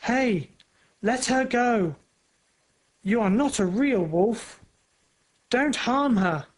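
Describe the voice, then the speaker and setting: A storyteller voicing a brave young boy who yells urgently at a wolf in a slow read-aloud storybook. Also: mid-range voice, animated, voice pushed up. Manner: urgent raised yelling.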